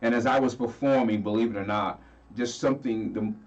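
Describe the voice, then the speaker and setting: Earnest singer, a bit off-mic. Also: male voice, mid-range voice, fairly even intonation, a little fast, darkish tone, far from the mic, dull audio. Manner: earnest, heartfelt, laughs easily. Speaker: singer, guest. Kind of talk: casual interview chat.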